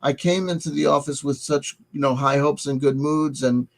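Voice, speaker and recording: A middle-aged man talking through a personal confession in a halting, rambling way, full of restarts and filler words, wearing headphones. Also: on the high side, fairly even intonation, creaky, low-quality recording. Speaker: vlogger. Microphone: headset headphones.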